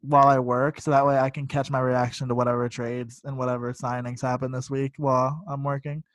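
A man's voice: mid-range voice, little pitch movement, brisk, dry recording. A man co-hosting a podcast, talking hockey in a laid-back, joking way, hedging with "I feel like.". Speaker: podcast co-host. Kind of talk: casual sports chat.

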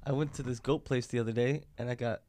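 A hoarse man co-hosting a podcast, joking and telling rambling stories over beers. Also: mid-range voice, steady tone, fast talker, mellow. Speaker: podcast co-host. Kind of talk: casual chat over beers.

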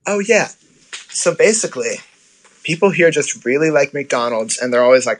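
A man's voice: fairly high pitch, a little fast, rough recording. A man from the United States chatting casually about life abroad, with lots of fillers and self-corrections. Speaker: guest describing life abroad. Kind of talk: casual conversation.

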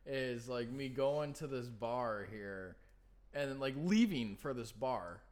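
A young man recounting a night to friends in a hesitant, halting way. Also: medium pitch, expressive, darkish tone. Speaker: friend telling a story. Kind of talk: casual storytelling among friends.

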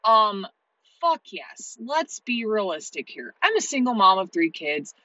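A woman in her thirties, a single mother, telling a story to camera in a blunt, heavily profane and animated way. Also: mid-range voice, unhurried, no echo, highs cut off. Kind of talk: casual monologue to camera.

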